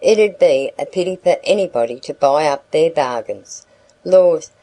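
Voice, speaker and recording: A wheedling male packman with a broad country dialect, as a woman reader puts him on. He rolls out his coaxing sales patter at an unhurried pace in a low, mellow voice, all flattery and mock reluctance. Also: low-quality recording.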